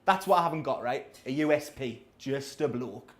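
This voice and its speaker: In an echoey little coffee shop, a man in his thirties works through a sweary, wandering stand-up set, poking fun at himself. His voice sits in the mid range and his pace is moderate.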